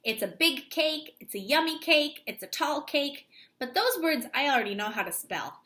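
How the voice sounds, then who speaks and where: A woman teacher giving a distance-learning lesson to children, sounding out words slowly and clearly. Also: high voice, big pitch swings, bright, forceful tone. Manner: slow, clearly stretched-out word sounding.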